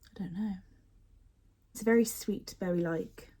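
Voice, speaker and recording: A woman's voice: medium pitch, normal speed, mellow. A young woman chatting casually and expressively as she unboxes and sniffs bath products, often poking fun at herself. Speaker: beauty product unboxing vlogger.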